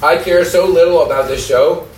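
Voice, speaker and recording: A man's voice: fairly high pitch, normal speed, a little mellow. A man co-hosting a podcast, teasing the others and laughing often. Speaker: podcast co-host. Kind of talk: casual podcast chat. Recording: echoey room, distant mic, faint hiss.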